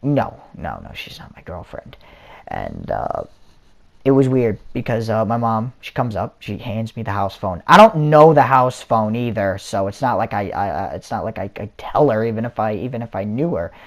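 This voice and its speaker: A young man rambles through a story in a casual vlog, stumbling over restarts and fillers. His voice sits a little low, like a headset chat. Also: very animated, moderate pace. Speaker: vlogger. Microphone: console or headset mic.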